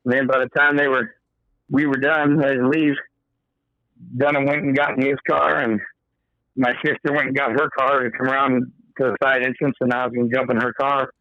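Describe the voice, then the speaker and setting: A man's voice: medium pitch, little pitch movement, a little fast, dry recording, phone-quality sound. A man, a podcast guest, telling a story in a casual, profane way and acting out the quoted dialogue. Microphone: podcast microphone.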